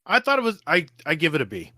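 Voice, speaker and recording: A man guesting on a casual gaming podcast, telling stories in an animated way and acting out what people said. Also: on the high side, quick pace, no echo, studio quality. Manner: animated storyteller, acts out quotes.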